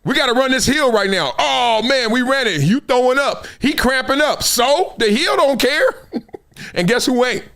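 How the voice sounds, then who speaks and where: A man's voice: extremely high pitch, animated, moderate pace, a bit bright. A man hosting a live sports talk show, telling stories in a preachy, playful way, acting out quotes and laughing often. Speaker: host.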